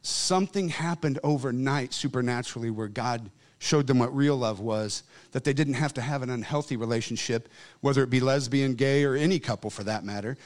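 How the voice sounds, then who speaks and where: A man preaching a sermon in a church service, fervent and storytelling, swinging between quiet asides and loud calls. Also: mid-range voice, fairly quick. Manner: conversational storytelling.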